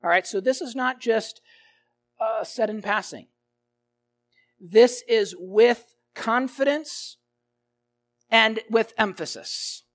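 Slow, emphatic male preacher. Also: sits high, a bit bright. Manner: emphatic, rising and falling in volume, repeating phrases. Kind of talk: expository sermon.

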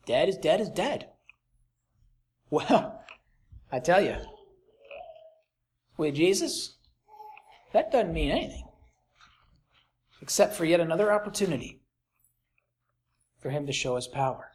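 A pastor preaching a sermon, reading scripture aloud and swinging dramatically from soft to loud with rhetorical questions. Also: mid-range voice, sing-song, measured pace, pauses often. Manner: reads scripture in King James wording.

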